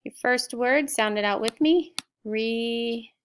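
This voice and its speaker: A middle-aged woman teacher slowly sounding out spelling words and explaining vocabulary in a recorded lesson. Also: fairly high pitch, fairly bright tone, slight background noise. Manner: slow, clear word-by-word sounding out.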